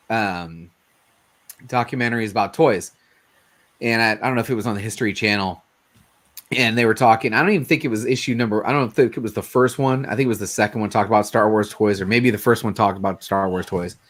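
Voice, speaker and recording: A man's voice: on the low side, brisk. A man hosting a casual late-night chat, telling loose stories and acting out the quotes in them. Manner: loose, animated storytelling with acted-out quotes. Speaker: host.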